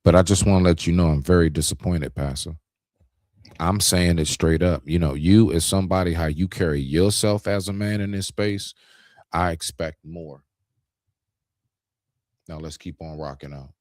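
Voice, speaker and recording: A man's voice: sits low, moderate pace, dry recording, clean studio sound. A man co-hosting a talk stream, arguing his point in a heated, emphatic casual debate. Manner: animated, confrontational, emphatic, demonstrates raising his voice.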